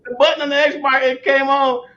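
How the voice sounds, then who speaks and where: A man hosting a casual livestream chat, telling an animated story and laughing a lot. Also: extremely high pitch, brisk. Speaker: host. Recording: dull lo-fi stream audio with faint noise.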